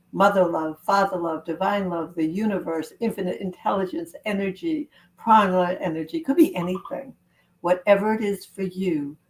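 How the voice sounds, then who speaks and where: A woman love coach giving an earnest, gentle self-help talk to camera, with spiritual wording. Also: on the low side, rough recording.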